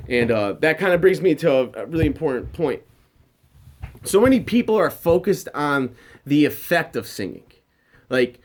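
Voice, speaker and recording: A young man talking casually as a vocal coach, loose and conversational, with many fillers as he explains singing technique. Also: fairly high pitch. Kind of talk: casual teaching talk.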